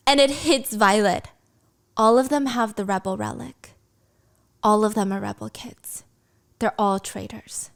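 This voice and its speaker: A woman retelling a story in a casual, animated way with swearing and chatty asides. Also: a little high, unhurried, creaky.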